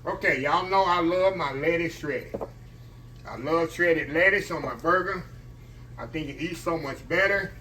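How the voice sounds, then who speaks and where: A man's voice: fairly high pitch, measured pace, a little hiss or hum, rough recording. A man who hosts a home cooking vlog, chatting casually and rambling to his viewers while he cooks at his kitchen stove. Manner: chatty, rambling, keeps calling viewers y'all. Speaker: home cook, channel host. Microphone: camera on a tripod. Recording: loud frying sizzle behind the voice. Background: skillet sizzling and frying.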